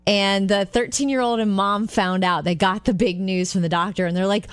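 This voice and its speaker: A woman's voice: medium pitch, normal speed, few pauses, clean tone, no echo, clean studio sound. A woman co-hosting a radio show, telling stories in a chatty way and acting out the voices of the people in them. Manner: animated storyteller, acts out quoted voices. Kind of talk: morning radio chat and storytelling.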